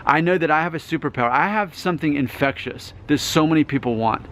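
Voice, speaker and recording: A man's voice: a little high, fast talker, fairly bright tone, slight background noise. Chatty self-assured man in his thirties. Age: 30s. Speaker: vlogger. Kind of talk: casual talking-head vlog.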